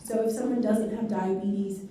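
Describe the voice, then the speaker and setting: A woman training an audience on dementia care, speaking fast and animated with a dark, mellow tone. Her voice is heard from a distance in a very echoey room. She tells stories with quick asides. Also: medium pitch, slight background noise. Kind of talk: training talk to a live audience.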